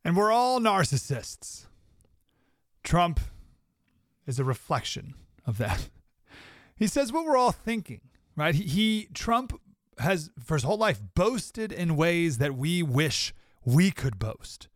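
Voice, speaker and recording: A man's voice: on the high side, sing-song, takes it slowly, pauses often, dry recording. Sarcastic male podcast host, dry close mic. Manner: emphatic and sarcastic, with mocking put-on quotes. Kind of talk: opinionated commentary monologue.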